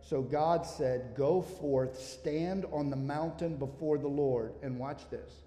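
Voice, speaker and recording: Emphatic preacher in an echoing hall. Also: male voice, slow. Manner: rises to emphatic peaks then drops to quiet, low asides. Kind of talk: sermon. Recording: echoey hall, long reverb.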